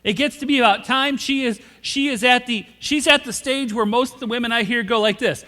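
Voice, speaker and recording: A man's voice: extremely high pitch, brisk, few pauses, bright, forceful tone, big-room sound. A man preaching a sermon as pastor, telling the story with humor and asking the congregation questions. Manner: humorous storytelling, acts out quoted characters. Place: church sanctuary.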